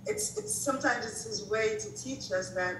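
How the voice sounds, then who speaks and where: A woman's voice: medium pitch, roomy sound, recorded from a distance, background noise. A woman guest in a casual faith discussion, speaking hesitantly with many fillers. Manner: hesitant, halting, full of fillers.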